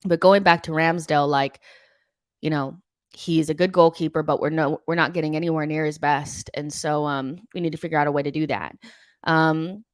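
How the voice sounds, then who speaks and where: A young woman hosts a live football fan stream, reading viewer comments and weighing in bluntly. Her voice sits low and sounds dry and close. She talks loosely, with frequent ums and likes. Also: fairly even intonation, moderate pace, no room sound. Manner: chatty, many ums and likes, frank opinions. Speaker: host of a football fan show.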